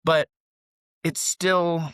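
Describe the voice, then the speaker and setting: A man's voice: on the high side, drawn-out words, clean tone, no room sound. A man in his forties co-hosting a podcast, telling rambling, profane stories in casual chat. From United States. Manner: profane, rambling, animated storytelling. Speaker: podcast co-host.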